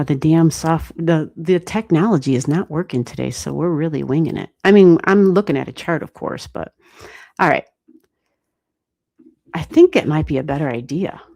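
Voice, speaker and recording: An American woman giving astrology readings on a livestream, thinking aloud and chatting with viewers in a relaxed way, with the odd swear word. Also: low-pitched, vocal fry. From United States. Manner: thinks aloud, talks to chat, mild swearing. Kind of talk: casual livestream chat.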